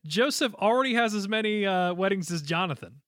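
Giggly, high-voiced man recapping a show. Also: a little fast, slight background noise. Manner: giggly, animated. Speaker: podcast co-host. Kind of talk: casual chat recapping a show.

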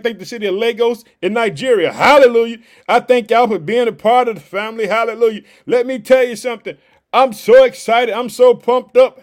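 A man from hosting a devotional podcast, exuberant and preacherly, calling out hallelujah between repeated phrases. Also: high-pitched. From Chicago, United States. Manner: exuberant, repetitive, shouts hallelujah often; preacherly call-and-response, folksy. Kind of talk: energetic devotional podcast talk.

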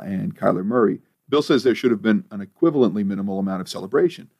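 Deadpan low-voiced podcast co-host, man. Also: no echo, highs cut off. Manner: dry, deadpan timestamp recaps. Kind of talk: casual podcast commentary.

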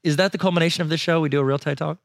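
A podcast co-host with a fairly high, steady, creaky voice talks rapid-fire in casual chat, rambling and joking at his own expense. The audio is studio quality with no echo.

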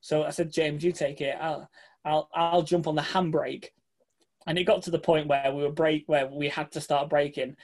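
Man, slightly high voice, casual storytelling, lively, swears a lot, does voices. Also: moderate pace. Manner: animated, swears freely, mimics people he met. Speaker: guest telling a travel story. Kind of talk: casual anecdote.

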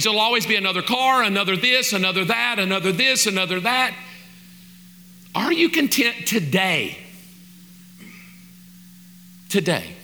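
A man's voice: sits high, bright, forceful tone, a little hiss or hum. A man preaching a sermon in a conversational, joking way, with asides of mock exasperation. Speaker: pastor.

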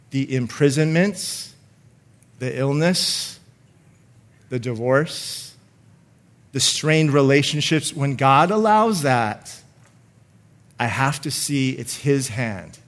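A man preaching a sermon, slowing down to stress scripture and calling on the congregation to repeat lines after him. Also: mid-range voice, animated, a bit bright. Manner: emphatic, calls for congregation responses, slows to stress scripture.

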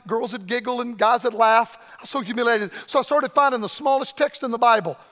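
An older man preaching a fiery revival sermon, his voice unusually high and ringing bright. He swings from shouts to hushed murmurs. The sound carries a long reverb from the church hall. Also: fairly quick. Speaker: evangelist. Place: church sanctuary.

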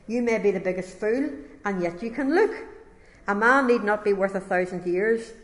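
A woman's voice: mid-range voice, normal speed, lightly acted. A woman voicing an uneducated old-time male lay preacher who exhorts his hearers with impassioned repetition. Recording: echoey hall reverb.

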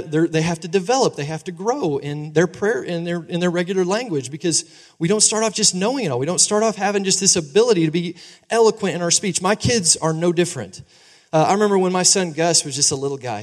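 A man in his thirties preaching a sermon as pastor, animated and conversational, often asking the congregation for agreement. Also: a little high. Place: church sanctuary. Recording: long reverb of a large hall.

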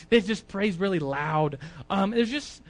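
A man preaching an informal sermon in a chatty, conversational way with frequent fillers. He moves between quiet asides and loud bursts of emphasis. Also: high voice, expressive, slow.

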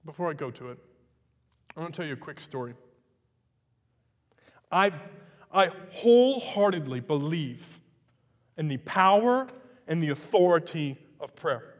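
A male pastor whose voice sits a little high. He delivers a sermon, at times like a chat and at times loud and emphatic. The sound rings through a hall with a long reverb. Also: sing-song, measured pace, long pauses. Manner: conversational storytelling, rising to loud emphatic preaching. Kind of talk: sermon with a personal story.

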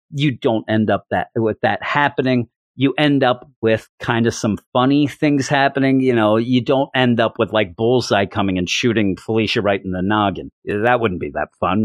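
A man's voice: mid-range voice, no echo, studio quality. Rambling man retelling a story. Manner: rambling, repeats words, acts out the dialogue. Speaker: comic book reviewer. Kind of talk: casual enthusiastic retelling.

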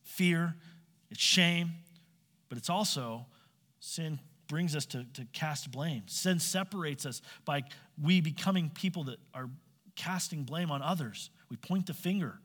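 A man's voice: on the high side, a little slow, a bit bright. A man preaching a sermon, asking his listeners direct questions and acting out quoted voices. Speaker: pastor. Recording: long hall reverb.

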